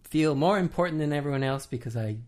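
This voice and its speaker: A man's voice: on the high side, fast. A man co-hosting a podcast, talking in a wry, self-deprecating casual way. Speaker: podcast co-host. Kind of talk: casual chat.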